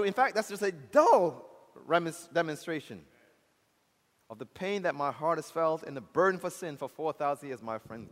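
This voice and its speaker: A man preaching a sermon to a congregation, impassioned, swinging from loud declarations to hushed low passages and calling out to the saints. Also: lively intonation, fairly quick. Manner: impassioned, rises loud then drops low and soft; calls out to the congregation. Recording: long hall reverb.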